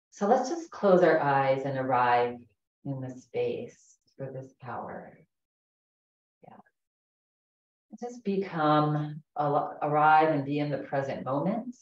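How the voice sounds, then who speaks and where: Low-voiced woman guiding chair yoga. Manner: calm, gentle, slow breathing cues. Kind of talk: guided yoga class instruction. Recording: echoey, distant, dull room recording.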